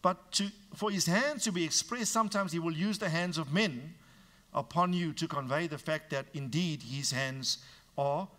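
A male pastor preaching a sermon to his congregation, frank and teasing, dropping to quiet asides and then rising to emphatic, raised lines. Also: a little high, moderate pace.

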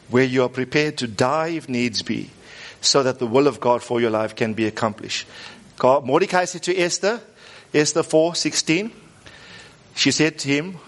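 A man, preaching a lively sermon and coaxing the congregation to repeat lines after him. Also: medium pitch. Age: 50s. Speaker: pastor.

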